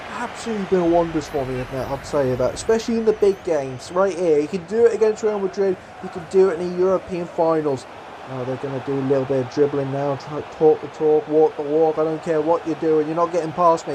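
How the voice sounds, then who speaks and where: Young male gamer, high-pitched, play-by-play hype, faint hiss behind. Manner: shouts in bursts at goals, mock-commentator tone. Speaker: gaming YouTuber. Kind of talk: excitable football game commentary.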